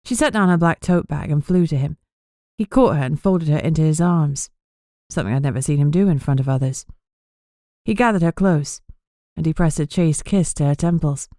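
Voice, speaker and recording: A woman narrating a first-person audiobook in an even, measured way on a close mic. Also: deep voice, no room sound.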